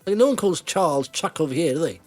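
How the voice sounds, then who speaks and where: A man hosting a casual podcast, animated and teasing, talking in fits and starts. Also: on the high side, fast talker, soft background music. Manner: animated, teasing, self-interrupting. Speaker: podcast host.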